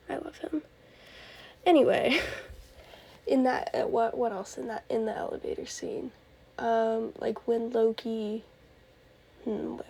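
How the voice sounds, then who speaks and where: A young woman talks alone into her podcast, rambling and gushing with lots of fillers and little laughs. Her voice sits a touch high but sounds husky and gravelly, with a dark, mellow color. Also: low-quality recording. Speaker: podcast host. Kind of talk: casual solo rambling talk.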